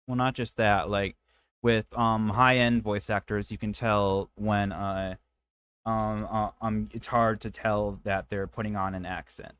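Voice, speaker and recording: Low, bright-voiced man streaming games. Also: flat delivery, measured pace, smooth, dry recording. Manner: hesitant, critiques voice acting. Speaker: streamer host. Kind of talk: casual chat while gaming.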